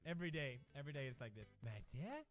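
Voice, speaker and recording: A young man giving loud, jokey let's-play commentary while playing a game, swearing often. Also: mid-range voice, very animated, quick pace, music in the background. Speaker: gamer.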